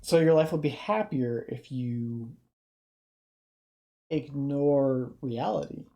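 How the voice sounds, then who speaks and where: A mellow, dark-toned voice talking through a reaction video in a tired, subdued way. The speech stops and restarts often as the speaker searches for words, in a casual, unhurried stream. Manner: low-energy, hesitant, many restarts.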